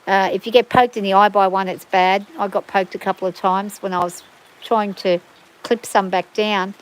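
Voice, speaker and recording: A middle-aged woman with an Australian bush accent chats and rambles on a livestream, out on her farm in the rain. Her medium-pitched voice has a clean tone, a fairly even intonation and a moderate pace, though the recording is low quality.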